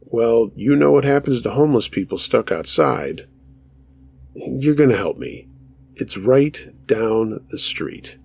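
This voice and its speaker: A pushy male stranger from a spoken horror story, friendly on the surface but insistent and pressuring underneath, as a male narrator puts him on. His voice has a gravelly, husky edge and sits low. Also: big pitch swings, brisk, hardly any pauses, darkish tone, full character voice. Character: pushy adult man stranger demanding a ride.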